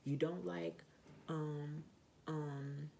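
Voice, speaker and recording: A woman talking in a casual vlog monologue, blunt and profane, with lots of fillers and emphatic, loud outbursts. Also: sits low, steady tone, drawn-out words, creaky, a little hiss or hum. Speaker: vlogger.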